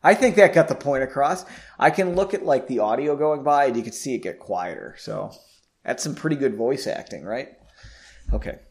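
A man's voice: medium pitch, expressive, moderate pace, vocal fry. A man casually reading a story aloud, breaking off for chatty, jokey asides and correcting his own slips. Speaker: reader.

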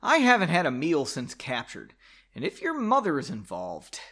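A man's voice: fairly high pitch, wildly swooping pitch, normal speed, fairly bright tone, heavily acted. A man reading the lines of a tired, cautious middle-aged father in his own novel. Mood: weary.

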